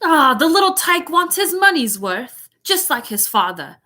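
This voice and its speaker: Blustering pompous uncle, put-on British accent, barking, bright voice, played by a woman. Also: sits high, sing-song, a little slow, voice pushed up, heavily acted. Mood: chuckling. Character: gruff pompous uncle, blustering head of house.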